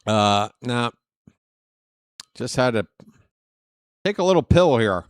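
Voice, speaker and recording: A man's voice: mid-range voice, lively intonation, slow pace, clear, resonant tone, dry recording, clean studio sound. A man calling a live baseball game as a streaming host, in a rambling, jokey, self-deprecating way. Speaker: play-by-play streamer. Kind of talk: live play-by-play commentary.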